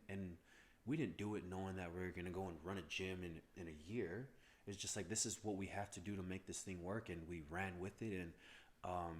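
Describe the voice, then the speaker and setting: A man in his thirties, a podcast guest, telling a story casually and animatedly, acting out other people's lines with frequent restarts. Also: deep voice. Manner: animated, acts out quoted voices, stammers on restarts.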